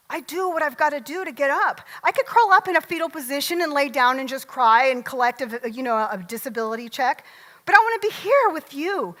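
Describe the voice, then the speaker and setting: A middle-aged woman delivers a lively, joking motivational talk from a stage, firing questions out at the crowd. Her voice is high and bright, and it rings out through the long reverb of a large hall. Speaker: motivational speaker.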